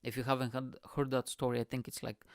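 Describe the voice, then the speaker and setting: Gravelly man telling stories. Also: medium pitch, quick pace, dry recording, clean studio sound. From Bulgaria. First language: Bulgarian. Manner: animated, swears a lot, laughs often. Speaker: podcast host. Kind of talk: casual storytelling monologue.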